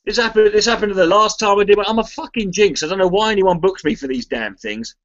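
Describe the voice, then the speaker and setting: A sweary, self-mocking comedian talks casually on a livestream, reading chat aloud as he goes. His voice sits a little high for a man. The sound is muffled and lo-fi, as if it comes through a webcam mic on a video call. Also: fast talker, fairly bright tone. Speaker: comedian hosting a charity livestream.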